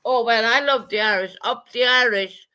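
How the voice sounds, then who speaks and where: On a livestream, a woman rants angrily, her voice a little high, pushed and bright, at a moderate pace. She swears heavily, repeats herself, and calls out chat viewers by name in a heated, profane tirade.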